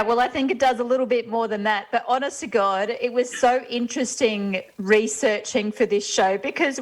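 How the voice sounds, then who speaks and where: A woman's voice: medium pitch, rough recording. A woman co-hosting a casual talk show, earnest and emphatic, often restarting her sentences. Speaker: co-host. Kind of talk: casual chat.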